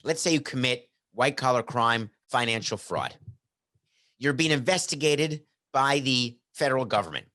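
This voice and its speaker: This casual sports talk monologue comes from a middle-aged podcast host using a headset mic, joking sarcastically and firing off rhetorical questions. He has a sharp-toned, mid-range voice and a moderate pace.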